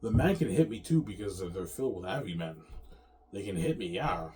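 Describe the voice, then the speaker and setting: A male vlogger with a fairly low, slightly mellow voice speaks quickly and with animation over faint background noise. He rambles at length straight to his viewers, swearing freely, repeating himself, and capping lines with "man" and "yeah."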